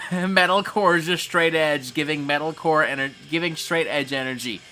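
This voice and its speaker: A man's voice: a little high, moderate pace, sharp tone, faint music behind. A man hosting a casual livestream, reading chat messages aloud and reacting with frequent swearing.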